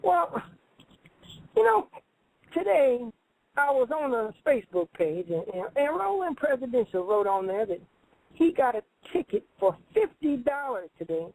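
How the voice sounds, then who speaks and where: Comic radio host, male: high and raspy, brags and rambles in broken grammar, dry studio sound. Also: very animated, unhurried, darkish tone, no room sound, poor audio. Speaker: call-in show host. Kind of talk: comedic call-in radio monologue.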